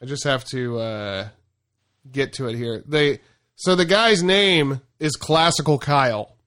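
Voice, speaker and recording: A man's voice: mid-range voice, unhurried, fairly bright tone. A man co-hosting a podcast in casual chat, rambling and chuckling, with lots of fillers and restarts. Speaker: podcast co-host.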